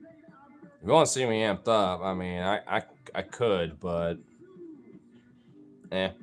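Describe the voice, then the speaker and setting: Low-ish dude rambling casually, swears a lot, goes squeaky baby talk at his pets, faint music on. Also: slow. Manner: profane, loose, full of fillers and restarts; high playful baby talk when addressing his pets.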